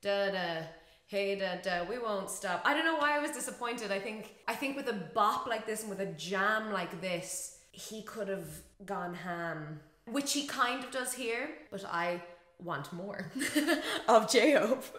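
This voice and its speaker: A woman chattily reacting to and breaking down a dance routine, often laughing and shrieking with excitement. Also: medium pitch. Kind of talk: casual reaction commentary. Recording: roomy echo with faint music behind.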